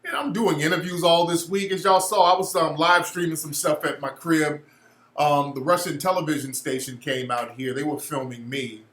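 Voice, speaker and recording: A man's voice: a little high, normal speed, roomy sound. Blunt, profane man telling stories. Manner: blunt, profane, animated storytelling. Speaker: show host. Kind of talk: casual livestream talk.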